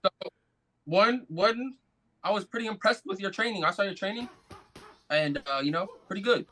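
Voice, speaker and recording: A man's voice: high-pitched, moderate pace, sharp tone. A man as a podcast guest, joking and a bit hesitant, often saying bro. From USA. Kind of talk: casual sports chat.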